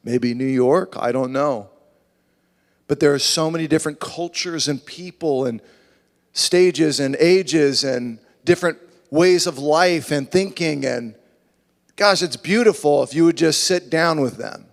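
Male pastor, slightly high voice, animated sermon delivery, long hall reverb. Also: a little slow, creaky. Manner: animated preaching, acts out voices.

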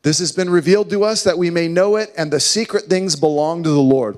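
A man preaching a sermon, earnest and emphatic, slowing down and dropping to a hush when he quotes scripture. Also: a little high. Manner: earnest, emphatic preaching with slow dramatic drops to hushed quotes. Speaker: pastor. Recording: long hall reverb.

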